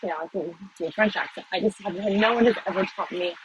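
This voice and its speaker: A woman's voice: medium pitch, fast, highs cut off, slight background noise. Chatty American woman walking a city. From United States. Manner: chatty, rambling, self-deprecating. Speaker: vlogger. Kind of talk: casual walking vlog. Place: city streets outdoors.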